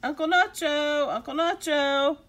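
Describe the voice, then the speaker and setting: A woman voicing two excitable young boys in a storybook read-aloud. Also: high voice, moderate pace, gravelly, pitched above the performer's own voice, heavily acted. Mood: excited.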